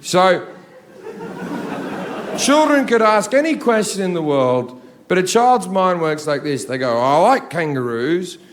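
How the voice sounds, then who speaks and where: A man's voice: high-pitched, big pitch swings, unhurried, pauses often, noisy background. A man in his thirties doing a profane, ranting stand-up comedy set on a theatre stage into a handheld mic. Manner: profane, ranting, ramps up to shouting. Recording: live theatre with audience. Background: audience laughter.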